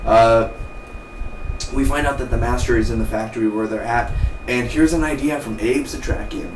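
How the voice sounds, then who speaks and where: Man, casual TV recap, rambling, mid pitch, echoey room, set back from the mic. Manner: rambling, acts out characters' lines in quick impressions. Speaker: TV review vlogger. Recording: roomy, distant from the mic, faint noise.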